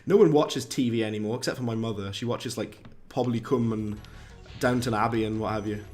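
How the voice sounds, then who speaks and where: A man's voice: fairly low pitch, a little fast, darkish tone. A man giving casual, rambling commentary on a live game stream, chatting with viewers and reading out their messages. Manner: chatty, rambling, reads chat aloud, British slang. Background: game music.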